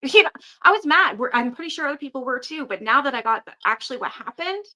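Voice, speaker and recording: Bright-voiced blunt woman streamer. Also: fairly high pitch, lively intonation, fast, low-quality recording. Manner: blunt, profane, self-critical. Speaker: livestream host. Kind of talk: casual livestream chat.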